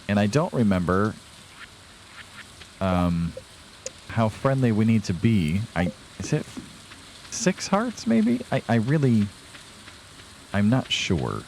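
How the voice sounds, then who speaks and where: A man's voice: lowish voice, darkish tone, slight background noise. A young man casually commenting on his farming game to viewers, chatty and self-deprecating, a bit tired and yawning. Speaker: let's play host.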